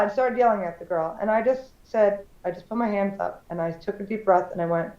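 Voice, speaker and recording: A woman's voice: mid-range voice, brisk, few pauses. Candid woman in a roomy, dull recording. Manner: candid storyteller, acts out quoted voices. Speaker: podcast co-host. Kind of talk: casual chat.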